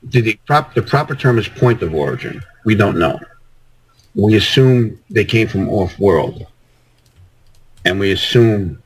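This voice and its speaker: A man's voice: sits low, breathy edge, poor audio. A man talking as a guest on a casual call-in show, rambling and repeating himself as he restarts sentences.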